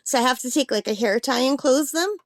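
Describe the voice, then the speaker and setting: A woman's voice: sits high, animated, fairly quick, dry recording. A woman chatting casually through an art supply unboxing, rambling with fillers while she has the hiccups.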